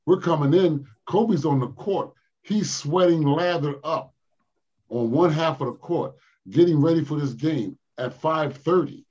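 An older man from Philadelphia, a former pro basketball player, telling animated stories in an interview. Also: on the high side, measured pace, breathy edge, lo-fi sound. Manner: animated storyteller, acts out quotes with laughs. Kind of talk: storytelling interview.

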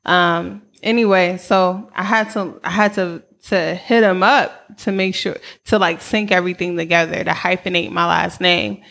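A woman's voice: on the low side, fairly even intonation, normal speed, vocal fry, hardly any pauses, a bit bright. A woman in her thirties with a New York accent, telling her story as a guest in a casual interview, candid and slangy, laughing often.

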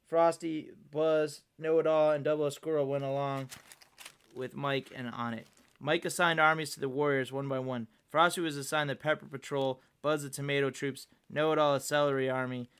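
A man's voice: mid-range voice, a bit bright, clean tone. A young man on his podcast reading aloud his own childhood story, with amused, chatty asides. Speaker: podcast host.

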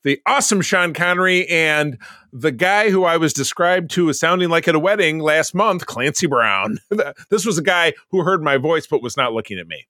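A man's voice: fairly high pitch, expressive, normal speed, bright, forceful tone, no room sound, studio quality. A man co-hosting a podcast, rambling through movie news in casual chat, with frequent fillers and restarts. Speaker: podcast co-host.

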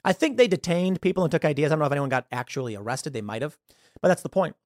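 A male host works through his commentary in an animated, scornful way. His voice sits a little high for a man. The sound is close and dry, with no room echo. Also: racing. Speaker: show host. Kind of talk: political commentary.

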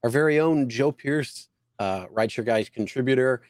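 A male co-host of a live talk show, chatting loosely and running through his list with many fillers and false starts. His voice sits at an ordinary pitch and is recorded close, dry, with no room sound. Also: moderate pace, dry recording. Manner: rambling, many fillers and restarts. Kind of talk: casual live show chat.

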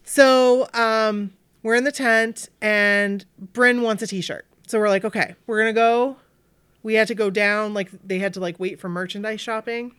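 A woman from Maine, USA, tells a story in casual chat, animatedly acting out what people said and filling her talk with "like." Her mid-range voice is smooth and measured, with no room sound.

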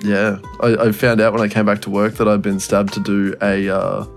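A man's voice: on the low side, completely flat delivery, normal speed, creaky, faint music behind. Rambling young man, casual chat. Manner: rambling, laughs often, swears freely. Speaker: podcast co-host.

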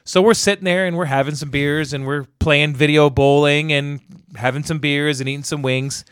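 A man's voice: fairly high pitch, steady tone, normal speed, a bit bright, clear, resonant tone, dry recording. Casting note: male podcast co-host, raised voice, crude storyteller, dry close sound. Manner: profane storytelling, acts out quotes. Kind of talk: casual sports chat.

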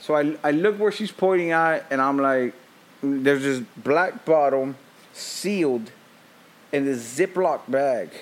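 A man hosting a show, telling a comic story about his week in an animated, profane way and laughing at his own jokes. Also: mid-range voice, slow pace. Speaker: host.

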